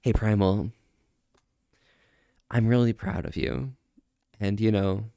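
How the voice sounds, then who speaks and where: A man streaming and chatting casually, soft-spoken, drawing out slow words of praise. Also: fairly low pitch, fairly even intonation, no echo, studio quality. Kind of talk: casual livestream chat.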